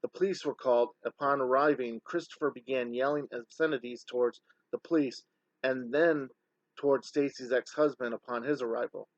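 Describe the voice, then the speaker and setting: A man talking in a heated, scornful commentary voice-over, throwing insults as he lays out his case. His voice sits at an ordinary middle pitch. The sound is dry and close, with a muffled, lo-fi edge. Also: fairly even intonation, normal speed, no room sound. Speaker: online scam-exposing commentator.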